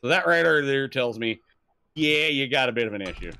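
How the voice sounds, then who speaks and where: A man's voice: mid-range voice, a little fast, clear, resonant tone. A young man chatting casually on a live stream, swearing freely and telling stories with lots of laughing. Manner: swears freely, animated storytelling, laughs often.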